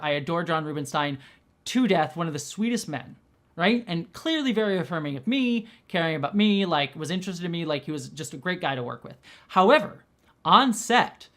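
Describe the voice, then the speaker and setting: A woman's voice: on the low side, lively intonation, fairly quick, fairly bright tone. A young adult woman host talking casually, rambling with many restarts and fillers. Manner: rambling, heavy use of "like", frequent restarts. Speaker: host and director. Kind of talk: casual commentary.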